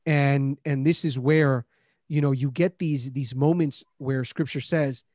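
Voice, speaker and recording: A man's voice: on the high side, a little slow, darkish tone, dry recording. A man hosting a Christian discussion, speaking earnestly with many restarts and rising emphasis on key points. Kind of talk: casual faith discussion.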